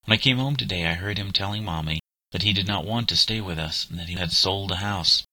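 A man's voice: sits low, brisk, dry recording, full character voice. A man voicing a hardworking schoolgirl who looks after the house and her brother, speaking earnestly and with reproach. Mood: sad. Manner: earnest, reproachful, then gently steadying. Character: diligent, burdened schoolgirl, older sister.

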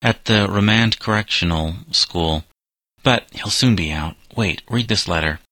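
A man's voice: lowish voice, a little slow, bright, forceful tone, dry recording. A man voicing an ashamed, timid teenage boy who pleads earnestly.

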